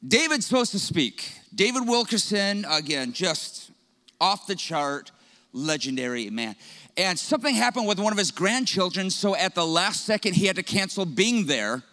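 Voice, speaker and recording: A young man preaching a sermon as pastor, telling stories with humor and quick asides to the congregation. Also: high-pitched. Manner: conversational storytelling with humor, lively asides.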